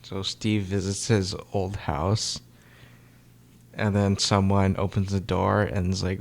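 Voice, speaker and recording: A man co-hosting a relaxed podcast about a film, answering in short, laid-back remarks and small chuckles. His voice is low and gravelly with a creaky edge. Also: a little slow. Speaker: podcast co-host. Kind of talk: casual movie review chat.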